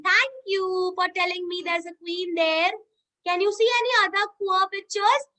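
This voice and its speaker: A woman's voice: very high voice, steady tone, moderate pace, sharp tone. A woman kindergarten teacher giving an online lesson to young children, coaxing and cheering in a sing-song, exclamatory way.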